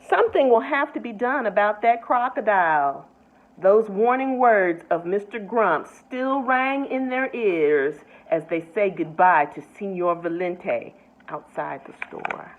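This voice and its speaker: A woman, a nurse, reading a picture book aloud with expressive delivery and asides to her listeners. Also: medium pitch, a little slow. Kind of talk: storybook read-aloud. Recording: tinny phone-like sound.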